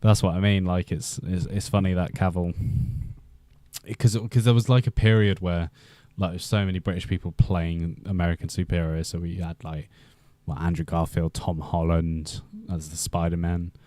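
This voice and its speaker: A man's voice: deep voice, little pitch movement, normal speed, mellow, no echo. A young Welsh man hosting a casual live stream, rambling in a chatty way with lots of fillers and restarts. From Wales. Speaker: livestream host.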